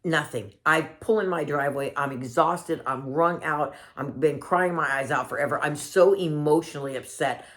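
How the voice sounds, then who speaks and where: A woman vlogger earnestly telling a personal story to her viewers, emotional and warmly addressing them as family. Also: deep voice, moderate pace, hardly any pauses.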